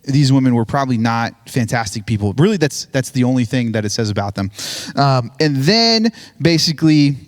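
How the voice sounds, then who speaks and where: A man's voice: medium pitch, lively intonation, a little fast. A man giving a casual, joking sermon, retelling a Bible story with lots of "like" and "right?". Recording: hall reverb on voice.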